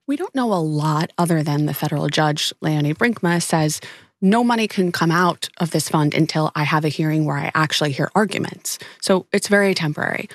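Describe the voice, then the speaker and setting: A woman political editor, a guest on a radio roundtable, explaining news in a quick, thoughtful way. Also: sits low, dry recording, clean studio sound. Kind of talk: conversational news analysis.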